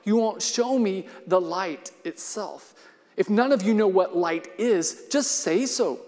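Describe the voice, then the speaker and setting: A man reading aloud as an earnest, frustrated man who was born blind and now demands answers. His voice sits fairly high and carries a long, ringing hall reverb. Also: takes it slowly, darkish tone. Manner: pressing, insistent questions.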